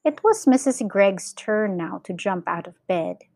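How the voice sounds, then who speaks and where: Teacher lady reading a kids' story, slow and clear, dry close sound. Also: medium pitch, dry recording. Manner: slow, clear storytelling with lively character voices. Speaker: English teacher. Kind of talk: children's story read-aloud.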